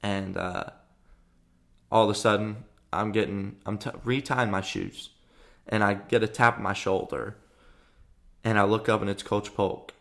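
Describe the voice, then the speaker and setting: A young man from Arkansas hosting a podcast, telling a story in a chatty, animated way with lots of fillers. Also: lowish voice, a little slow, creaky, long pauses. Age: young adult. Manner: chatty, frequent fillers and restarts, animated retelling. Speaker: podcast host. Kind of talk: casual storytelling monologue.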